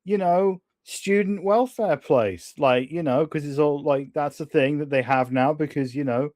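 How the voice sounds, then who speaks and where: A man's voice: a little high, a little slow, a little mellow. A man playing a tabletop horror game, rambling with lots of fillers. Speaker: player. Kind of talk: casual tabletop play.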